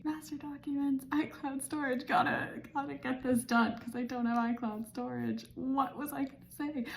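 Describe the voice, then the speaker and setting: A woman's voice: fairly low pitch, darkish tone, slight background noise. A woman writer vlogging her progress late at night, crying and laughing as she rambles, sometimes dropping to a whisper. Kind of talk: late-night casual vlog. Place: indoors at her computer.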